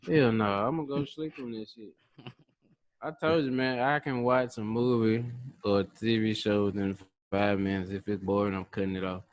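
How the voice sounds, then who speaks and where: A man's voice: on the low side, fairly even intonation, normal speed, muffled recording. Blunt, profane man co-hosting a podcast. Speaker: podcast co-host. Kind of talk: casual podcast chat.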